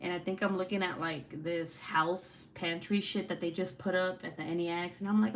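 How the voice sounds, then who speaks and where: A woman's voice: fairly low pitch, fairly even intonation, moderate pace, few pauses, a little hiss or hum. A woman hosting a livestream, telling stories in a casual, chatty way, laughing often and swearing freely. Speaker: livestream host. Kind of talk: casual chat and storytelling.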